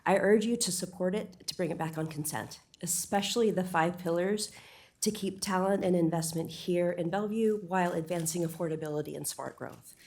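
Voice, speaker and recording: A woman speaking at a city council meeting, a little short of breath, with a lowish, gravelly voice. She lays out her points earnestly and persuasively, catching and correcting her own slips. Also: a little mellow. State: slightly out of breath. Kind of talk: prepared public comment speech.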